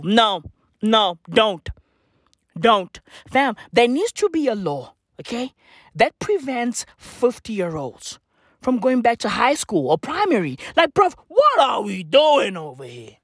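A hoarse vlogger tearing through a comedic rant, swinging their pitch wildly up and down. The talk is full of slang and swearing, with "bruv" and "fam" again and again. The recording is close and dry, with no room sound. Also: sing-song, takes it slowly, no echo. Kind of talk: profane comedic rant to camera.

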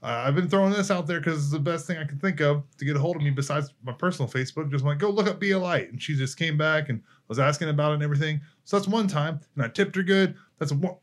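A man's voice: on the high side, fast talker, few pauses. A young man casually telling a faith story, acting out the dialogue as he goes. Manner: animated storyteller, acts out dialogue, laughs easily. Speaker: podcast guest. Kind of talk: casual faith testimony chat.

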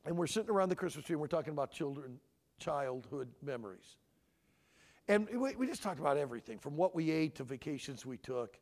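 A man in his sixties from Michigan, giving an animated sermon-style talk at a family conference and pressing his audience with questions. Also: on the high side, a little fast. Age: 60s. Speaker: conference speaker.

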